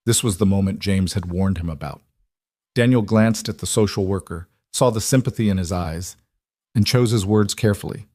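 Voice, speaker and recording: In scripted story narration, a man reads a dramatic tale at an even, deliberate pace. His voice is low, and the recording is dry and close-miked, with no room sound.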